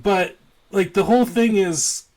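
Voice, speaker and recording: A man's voice: high-pitched, measured pace, a little mellow. A man hosting a podcast in casual chat, laughing easily and working through thoughtful, rambling points.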